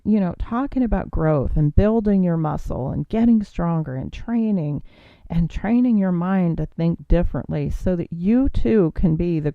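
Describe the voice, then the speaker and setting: A woman's voice: mid-range voice, dry recording, lo-fi sound. A woman hosting a podcast, giving an earnest motivational talk full of rhetorical questions and coaching asides. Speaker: podcast host. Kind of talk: motivational monologue.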